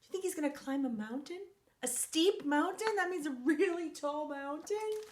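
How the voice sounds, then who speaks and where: A woman reads a picture book aloud to children in a roomy, echoey space, playfully quizzing her young listeners along the way. Her voice is high and animated at a moderate pace, with slight background noise.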